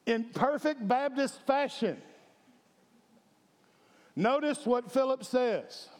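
A man's voice: very high-pitched, takes it slowly. A man preaching a sermon as pastor, emphatic and calling for responses from the congregation. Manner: emphatic, calls for audience response. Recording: echoey hall with long reverb.

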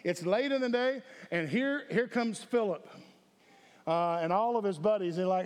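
His voice sits high with a clean tone, moving at a moderate pace. Preaching as pastor, the man speaks emphatically and draws responses from his congregation, all within the long reverb of an echoey hall.

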